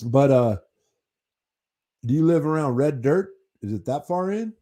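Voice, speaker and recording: With a fairly high, lively voice that's dark in tone and unhurried, an American channel host reads chat during a casual livestream. He chats with viewers in a relaxed, rambling manner, swearing casually now and then.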